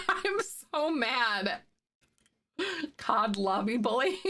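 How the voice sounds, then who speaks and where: A woman's voice: on the high side, lively intonation, moderate pace, bright, forceful tone. A young woman streaming a game live, chatting casually with her viewers and reacting to their messages. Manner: chatty, reacting to chat with laughs and fillers. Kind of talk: casual live-stream chat while playing.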